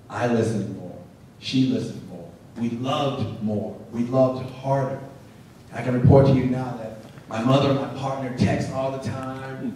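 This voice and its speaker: A man's voice: medium pitch, darkish tone, slight background noise. A man giving an earnest personal story to an audience, acting out the dialogue as he goes. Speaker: speaker at a symposium. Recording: echoey hall, voice from far off.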